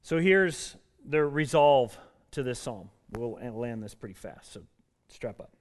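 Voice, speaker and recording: A man preaching a sermon in an earnest, emphatic way, building up in intensity and then dropping low. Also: expressive, measured pace. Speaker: pastor.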